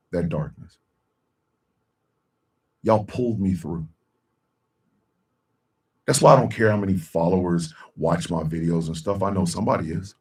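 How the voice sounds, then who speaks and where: A middle-aged man hosting a live talk stream, speaking in a heartfelt, slow way with long dramatic pauses. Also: sits low, far from the mic. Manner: bursts into a loud shouted sign-off. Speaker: show host.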